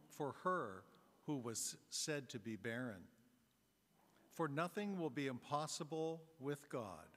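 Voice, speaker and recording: A man reading a gospel passage aloud as a deacon, measured and formal. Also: medium pitch. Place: large church. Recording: long church reverb.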